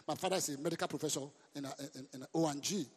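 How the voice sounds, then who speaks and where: Man, pastor, somewhat high voice, husky, animated sermon, sudden shouts, long hall reverb. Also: very fast. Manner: animated preaching with sudden shouts, asks the crowd questions. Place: church hall.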